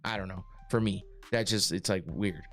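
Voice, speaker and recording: A man's voice: sits low, normal speed, fairly bright tone, faint music behind. A man hosting a casual podcast, rambling through his points with lots of fillers, restarts and swearing. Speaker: podcast host reading live chat.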